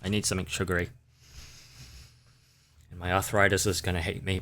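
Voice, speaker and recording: A man's voice: low voice, level tone, a little fast, pauses often, bright, forceful tone, a little hiss or hum. A man hosting a casual livestream, rambling and chatting with his viewers. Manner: rambling, chatty, talks to chat. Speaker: livestream host.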